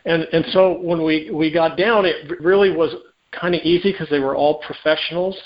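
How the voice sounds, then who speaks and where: Male guest, private investigator type, raised pitch, chatty storyteller, muffled lo-fi sound. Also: fairly quick. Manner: animated, acts out quoted dialogue, many restarts. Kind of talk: conversational storytelling interview. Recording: dull lo-fi audio.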